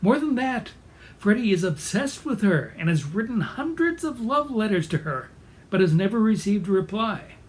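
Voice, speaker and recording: A man narrating a scripted video essay in a fairly high voice, bookish and detailed. He keeps a wry, lightly amused edge throughout. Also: very animated, normal speed. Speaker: presenter.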